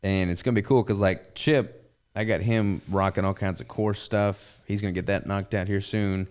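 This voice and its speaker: Deep-voiced Southern man chatting casually. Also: fairly even intonation, normal speed, a little mellow, smooth. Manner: easygoing, rambling with fillers. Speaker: podcast host and business owner. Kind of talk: casual chat.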